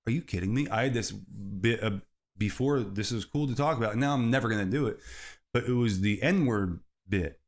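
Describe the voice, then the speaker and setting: A man's voice: lowish voice, moderate pace. A man hosting a solo comedy podcast, rambling from bit to bit and laughing at his own jokes. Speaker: podcast host.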